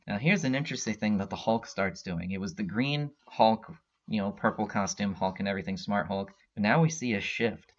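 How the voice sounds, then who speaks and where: A comic book podcast host recaps a story casually, rambling and packing in fillers. His voice is fairly low and he talks fairly quickly. The lo-fi recording sounds dull.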